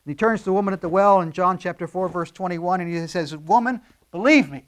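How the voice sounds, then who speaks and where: A male pastor teaching through scripture in an earnest, explanatory sermon. His voice sits a little high, and he leans hard on key phrases with emphatic rises. He pauses on frequent fillers as he works through each point. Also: fairly even intonation, smooth. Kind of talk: verse-by-verse sermon.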